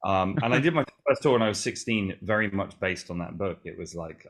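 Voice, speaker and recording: A man with a very low voice and an English accent tells stories in a rambling, self-correcting way. He drops casual swears as he chats through an interview. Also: brisk, hardly any pauses. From England. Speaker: guest musician.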